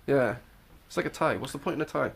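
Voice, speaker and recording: A man's voice: mid-range voice, fast talker, gravelly, slightly rough. A man on a casual podcast, blunt and crude with a wry sense of humor. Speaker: podcast co-host.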